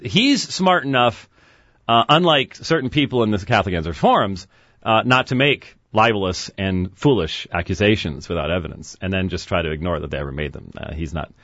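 A man's voice: sits low, no room sound. A man hosting a call-in webcast in a studio, talking casually with sarcastic asides. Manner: sarcastic, lively, quick asides and chuckles. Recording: dull dry studio sound.

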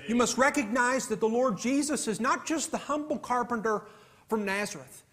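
A man's voice: high-pitched, a bit bright. A man preaching an earnest sermon, emphatic and given to repeating himself.

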